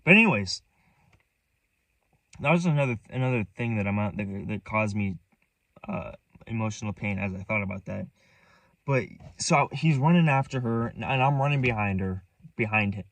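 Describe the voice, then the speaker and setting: A man's voice: fairly low pitch, lively intonation, moderate pace, long pauses, a bit bright, no echo, recorded from a distance. A young man rambling through a story from his own life, restarting and repeating himself, set back from the mic. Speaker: vlogger. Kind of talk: casual storytelling.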